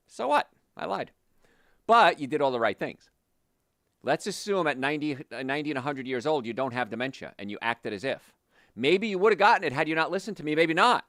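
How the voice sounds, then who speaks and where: A man's voice: fairly high pitch, dry recording, studio quality. A man hosting a health show, giving an emphatic, motivational talk straight to his listeners. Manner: emphatic, animated, speaks directly to listeners.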